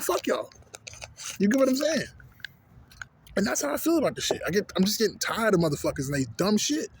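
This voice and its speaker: A man's voice: high-pitched, a little hiss or hum. Fired-up man ranting. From Houston, Texas. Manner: animated, heavy profanity, frequent "you know what I'm saying". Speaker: vlogger. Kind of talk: profane ranting monologue.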